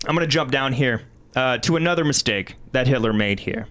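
A man's voice: medium pitch, lively intonation, a little fast, fairly bright tone, clean tone. A man with an Ohio accent co-hosting a podcast, reading history notes aloud. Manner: reads history aloud, breaks into laughs. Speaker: podcast co-host.

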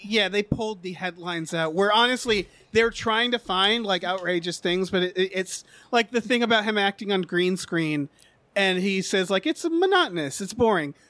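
High-voiced man rambling casually. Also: moderate pace, bright, forceful tone, no room sound. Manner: rambling, frequent restarts and fillers. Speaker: podcast co-host. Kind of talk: casual chat about movie trailers.

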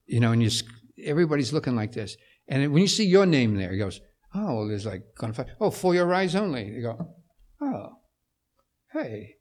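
An older man, a composer-conductor, telling anecdotes to a luncheon audience and acting out the voices of people in his stories. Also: medium pitch. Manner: animated storyteller who acts out quoted voices.

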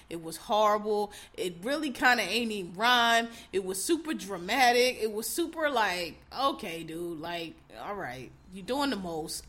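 A woman's voice: fairly high pitch, pushed and bright. A woman hosting a casual commentary show, ranting bluntly with heavy swearing and exasperated mockery. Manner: mocks others in put-on voices.

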